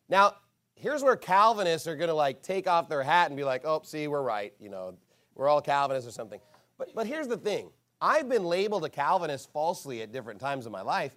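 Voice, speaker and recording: High-voiced man preaching forcefully. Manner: forceful, emphatic preaching with rising outbursts. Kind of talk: sermon.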